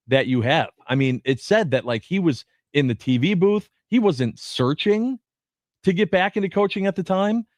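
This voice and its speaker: A man co-hosting a sports radio show in casual talk, animated and given to quick restarts as he reads quotes aloud. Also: on the high side, dry recording.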